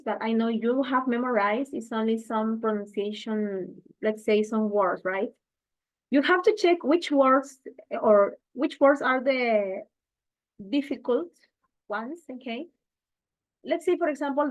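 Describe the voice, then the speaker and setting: Woman teacher, slightly high, muffled sound. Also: a bit bright. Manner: tags sentences with "okay?", repeats model lines slowly. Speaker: English teacher. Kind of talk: instructional speaking practice.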